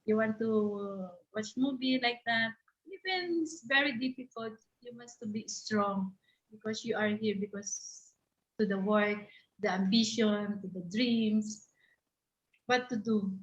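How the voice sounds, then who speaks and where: A woman from the Philippines, a caregiver sharing her experience in halting, repetitive English. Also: a little high, fairly even intonation, echoey room, lo-fi sound. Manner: halting, repetitive, searching for words. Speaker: caregiver and panel guest. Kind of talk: personal testimony in a discussion.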